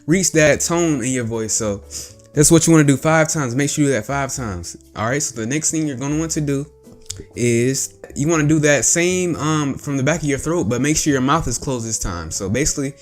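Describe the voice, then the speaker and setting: A man's voice: medium pitch, a little fast, soft background music. A man hosting a voice impression tutorial, explaining each step in a casual, repetitive, chatty way. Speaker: voice tutorial host. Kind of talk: casual instructional talk.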